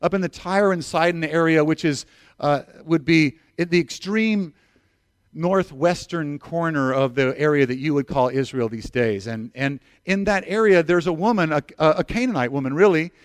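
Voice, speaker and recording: In a clear, resonant, fairly high voice at normal speed, a middle-aged pastor delivers a sermon full of animated stories and acted-out quotes. He often restarts and repeats words. The studio-quality recording has no room sound.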